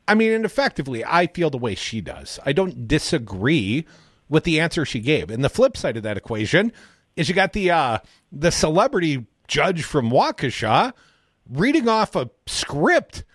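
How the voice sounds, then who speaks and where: A man co-hosting a talk radio show, opinionated and sarcastic, with animated swings in his delivery. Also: on the high side, normal speed, husky, no room sound, studio quality. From Madison, Wisconsin. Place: radio studio.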